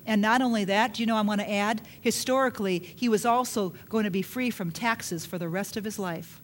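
A woman's voice: mid-range voice, brisk, few pauses. A woman preaching a sermon in a conversational way, reading scripture aloud and asking her listeners questions. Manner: reads scripture aloud, then retells it.

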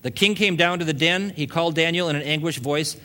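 A man's voice: fairly high pitch, brisk, bright, forceful tone. A male pastor preaching a sermon, building emphasis with casual asides to the congregation.

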